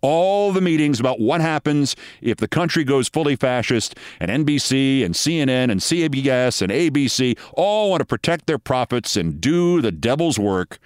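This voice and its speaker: A man's voice: medium pitch, big pitch swings, moderate pace, hardly any pauses, clean tone, no echo, clean studio sound. A middle-aged man hosting a news commentary show, delivering a scripted monologue in an emphatic, sardonic way. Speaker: host.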